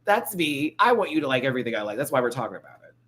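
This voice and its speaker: Man hosting a live stream, lively swooping pitch, bright tone, laughs a lot, rambling and playful. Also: racing. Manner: exaggerated, theatrical reactions. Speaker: host of a live review stream. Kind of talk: casual live-stream chat.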